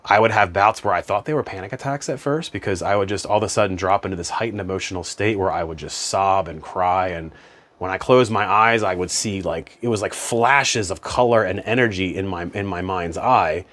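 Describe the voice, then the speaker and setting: A man's voice: low voice, brisk, fairly bright tone. A man talking as a spiritual self-help coach in a casual, conversational monologue, often saying "you know" and "man".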